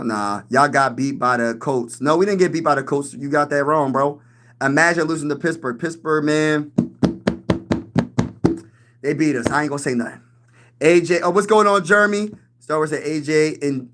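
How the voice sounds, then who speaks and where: A man's voice: medium pitch, fairly bright tone, slight background noise. A young man hosting a casual sports livestream, reading chat comments aloud and trash-talking other teams. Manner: hypes, reads and answers chat comments, talks trash.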